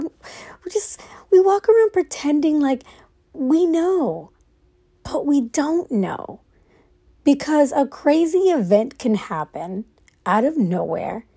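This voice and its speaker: A woman talks slowly through a late-night reflective monologue while lying in bed. Her voice is warm and mellow, and her manner is loose and rambling, with casual swearing as she works through her thoughts. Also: high-pitched.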